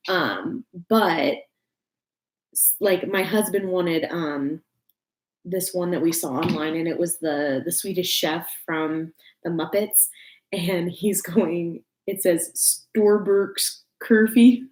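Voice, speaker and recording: A young woman with a Texan drawl chats loosely on a home crafting livestream, full of fillers, restarts and giggles. Her voice sits a little low. The room around her is echoey. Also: slow pace. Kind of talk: casual livestream chat. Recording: roomy home echo.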